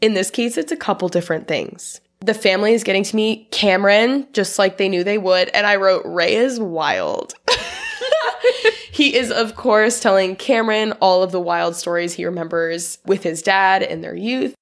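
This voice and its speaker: A woman's voice: mid-range voice, fairly even intonation, normal speed, few pauses. A woman co-hosting a podcast, casually recapping a film from her notes and laughing often. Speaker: podcast co-host.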